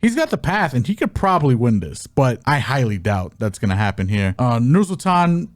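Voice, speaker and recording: Lively-pitched man talking fight picks. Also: normal speed, dry recording, clean studio sound. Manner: animated, swearing, laughs often. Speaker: podcast co-host. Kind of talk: casual sports betting chat.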